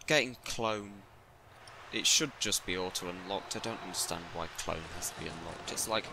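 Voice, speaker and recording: A man's voice: low-pitched, normal speed, creaky. A man giving casual, jokey gameplay commentary, rambling self-mocking asides to himself. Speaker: let's play gamer. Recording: steady background noise.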